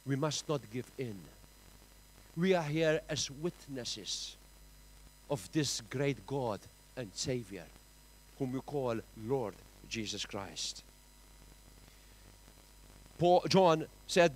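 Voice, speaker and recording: A man with a Maltese accent preaching a sermon in church, emphatic, with big swings in pitch and loudness. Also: expressive, slow pace, pauses often, rough recording. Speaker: pastor.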